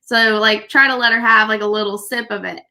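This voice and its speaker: Bright-voiced young woman chatting. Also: medium pitch, steady tone, fairly quick. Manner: chatty, trailing off with fillers. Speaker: podcast co-host. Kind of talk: casual livestream chat.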